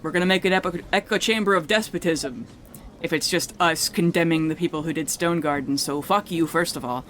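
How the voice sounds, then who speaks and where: A man's voice: fairly high pitch, brisk, bright, forceful tone, slight background noise. A man voicing a defiant young male noble with a blunt, scornful way of talking.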